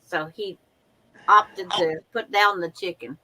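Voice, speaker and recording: A woman's voice: on the low side, fairly even intonation, slow, bright, forceful tone, a little hiss or hum, rough recording. A woman hosting a livestream chat over a video call from home, telling chatty stories and acting out quotes. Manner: chatty storyteller who acts out quotes. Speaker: host of a sewing livestream. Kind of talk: casual chat.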